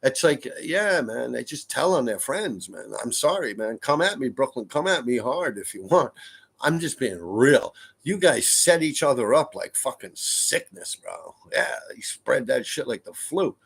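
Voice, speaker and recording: A man's voice: medium pitch, sing-song, a little slow, vocal fry, fairly bright tone, husky. A middle-aged man from New City, casually telling rambling, profane stories on a livestream from his apartment. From New York City. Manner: profane, rambling, laughs a lot. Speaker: livestream host. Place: room in a ground-floor apartment.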